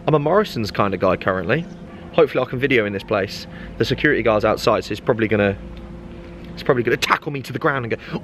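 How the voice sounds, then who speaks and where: A man's voice: medium pitch, fast talker, fairly bright tone. A man, a fitness vlogger, chatting casually and jokingly to his handheld phone camera, bantering with himself in a car park and supermarket. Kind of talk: casual vlog chat. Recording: noisy outdoor traffic ambience.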